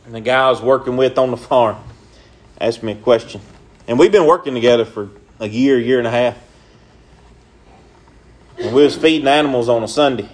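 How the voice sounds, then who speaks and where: A man's voice: mid-range voice, brisk, pauses often. Man, preacher, earnest sermon, repetitive phrasing, folksy grammar, mid-range voice.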